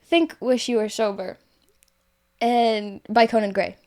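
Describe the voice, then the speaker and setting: A woman's voice: on the high side, steady tone, slow pace, a little mellow. A woman recounting a story in an easygoing chat. She rambles, doubles back and corrects herself with plenty of fillers. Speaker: guest author. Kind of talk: casual storytelling.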